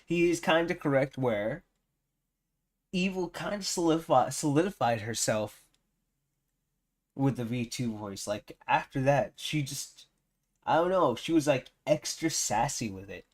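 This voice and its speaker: Slow, rambling male streamer. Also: mid-range voice. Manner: rambling, filler-heavy, amused. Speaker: streamer reacting to a video. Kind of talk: casual reaction commentary.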